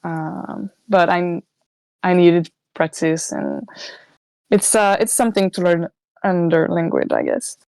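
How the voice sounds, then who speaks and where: A woman with a French-Canadian accent co-hosts a casual podcast in English, her second language. Her voice sits fairly low, and she speaks hesitantly, often pausing to find words. The recording sounds dry and close. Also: big pitch swings, gravelly, darkish tone, no room sound. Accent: Québécois French. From Quebec, Canada. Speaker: podcast co-host.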